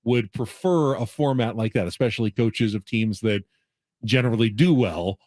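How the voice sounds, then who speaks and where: A man's voice: mid-range voice, normal speed, a little mellow. A man hosting sports radio, explaining college basketball at length and thinking aloud with restarts.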